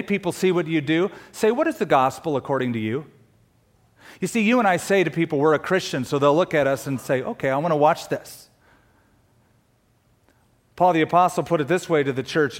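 A man with a fairly high voice preaches a sermon to his congregation. He speaks with earnest conviction, pushing some points out in sudden emphatic bursts and slipping in wry jokes between them. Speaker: pastor.

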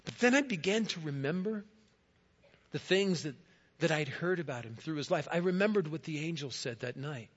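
Husky man telling a dramatic story. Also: fairly high pitch, animated, normal speed. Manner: dramatic storytelling, swelling loud then dropping quiet. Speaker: guest speaker. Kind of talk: first-person dramatic monologue. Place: church. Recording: dull lo-fi recording.

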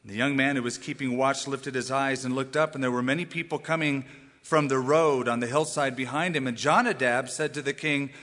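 Animated male pastor preaching in a hall. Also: mid-range voice, fairly quick. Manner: animated, acts out quoted voices. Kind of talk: sermon. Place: church sanctuary.

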